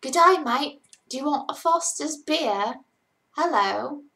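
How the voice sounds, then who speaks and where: A woman's voice: sits high, expressive, takes it slowly, vocal fry, pushed and bright, pitched above the performer's own voice, full character voice. A woman putting on a cheery stereotyped Aussie character in an exaggerated mock Australian accent.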